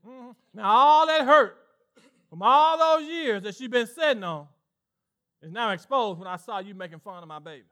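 A male pastor with a Southern US accent, preaching an animated sermon and acting out voices in call-and-response style. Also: very high voice, moderate pace. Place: church sanctuary with congregation.

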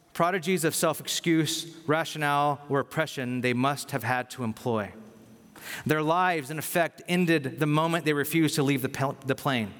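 A man preaching a sermon with a fairly high voice that leaps up and grows loud when he acts out quoted voices. The recording carries a long reverb tail, like a large hall. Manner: animated preaching, acting out quoted voices with loud pitch jumps. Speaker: pastor.

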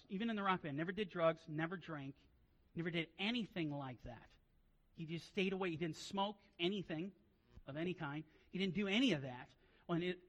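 Bright, high-voiced male preacher in a hall. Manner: storytelling that swings from quiet asides to loud, emphatic preaching. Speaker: pastor. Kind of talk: sermon.

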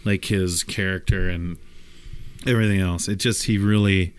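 A man's voice: low voice, fairly even intonation, smooth. A man, chatting casually and jokily as a podcast host. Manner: chatty, jokey, quick to jump in. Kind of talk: casual chat.

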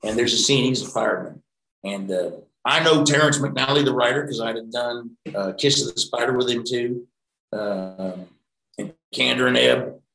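A middle-aged man with a gravelly edge, telling loose, profane stories from his acting career. His voice rings a little in a reflective room, and he talks in a casual, digressive way. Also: mid-range voice, moderate pace, echoey room, poor audio. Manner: rambling, profane, animated anecdotes. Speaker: actor, interview guest. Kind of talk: casual storytelling interview.

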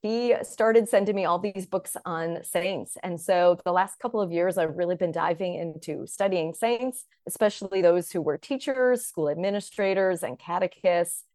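A woman author and teacher from the Chicago area, a guest on a podcast, telling her story in an animated, enthusiastic way. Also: on the low side, moderate pace, few pauses, no room sound, clean studio sound. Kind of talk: conversational interview.

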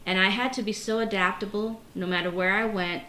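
A woman's voice: mid-range voice, steady tone, a little fast, pushed and bright. A woman speaks as an interview guest, thoughtful and candid, often restarting her sentences. Her voice sits in a roomy, echoing space. A faint hiss of noise runs underneath. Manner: reflective, candid, many restarts. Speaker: guest, pharmacy professor. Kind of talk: conversational interview.

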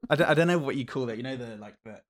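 A man's voice: mid-range voice, rapid-fire. A man co-hosting a casual podcast, chatting about a film in a hesitant, rambling way with sweary banter. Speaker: podcast co-host.

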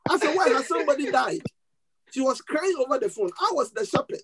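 A man preaching to a congregation. He tells a story in an animated way, often restarting his words and laughing as he goes. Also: extremely high pitch, brisk, crowd noise, low-quality recording. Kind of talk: sermon storytelling.

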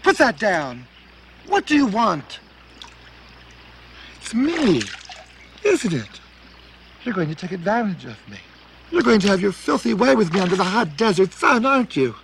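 Brief: a campy, brassy desert diva played by a man, high, bright, slow, swooning delivery. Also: wildly swooping pitch, a little hiss or hum, heavily acted. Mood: melodramatic. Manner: melodramatic, drawn-out swooning delivery.

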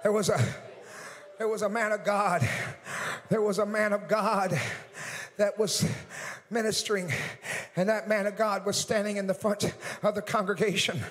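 A middle-aged male evangelist preaching a sermon with rising, shouted passion, full of repeated phrases and "uh" fillers. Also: high-pitched, fairly even intonation, moderate pace, long pauses, in a large hall. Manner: impassioned preaching that builds to shouting; frequent "uh" fillers and repetition.

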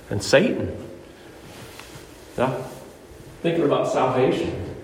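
A man's voice: sits high, very animated, measured pace, a little hiss or hum. A man preaching a sermon to his congregation as pastor, impassioned and calling out members by name, recorded in a church sanctuary. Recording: echoey hall with long reverb.

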